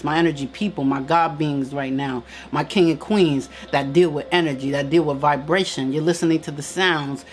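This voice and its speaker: A woman giving an emphatic, preacherly motivational talk on a live stream. She repeats her key lines and answers viewer comments. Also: deep voice. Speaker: spiritual teacher hosting a live stream.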